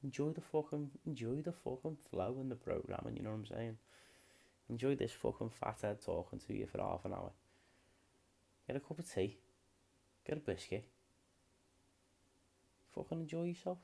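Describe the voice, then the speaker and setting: Gravelly, sweary British man. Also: fairly low pitch, animated, normal speed, pauses often, dark tone. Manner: rambling and heavy swearing. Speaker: podcast host. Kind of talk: unscripted solo comedy podcast.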